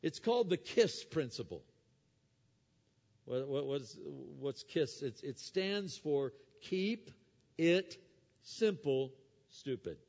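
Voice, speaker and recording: A man preaching a sermon. He moves between quiet explanation and loud, emphatic preaching, and he asks the audience rhetorical questions. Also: a little high, animated, takes it slowly, pauses often. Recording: dull sound with long hall reverb.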